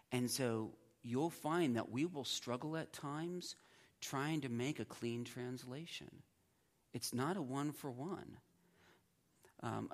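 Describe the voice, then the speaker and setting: Male teacher, mid-pitched voice, chatty classroom delivery that acts out student reactions.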